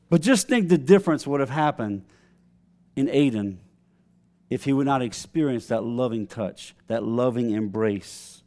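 A pastor in his thirties tells a family story during his sermon, calling out to the congregation as he goes. His voice is on the high side with a darkish tone, and he speaks at normal speed.

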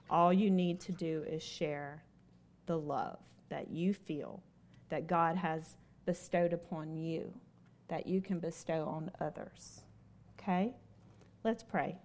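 A fairly low, darkish female voice belongs to a lay speaker giving a devotional talk. She shares something personal, repeats herself to underline her message, and directs questions at those listening.

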